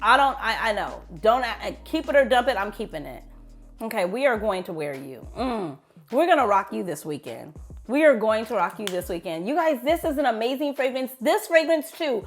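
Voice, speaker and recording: A woman vlogger chatting casually to her viewers, animated and chatty, talking to them like friends. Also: on the high side. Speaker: beauty vlogger.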